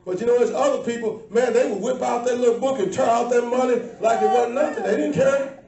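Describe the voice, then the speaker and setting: A woman preaching a sermon to a congregation, shifting between low asides and loud shouting. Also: fairly quick, recorded from a distance, a crowd in the background. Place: church sanctuary. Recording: echoey church, mic from afar. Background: faint congregation.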